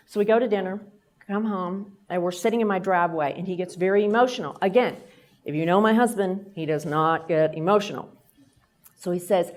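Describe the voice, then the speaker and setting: At a lunch event, a middle-aged woman from Texas gives a faith-based leadership talk as guest speaker, in a Texan accent. Her medium-pitched voice is brisk with a darkish tone as she tells stories and acts out the voices.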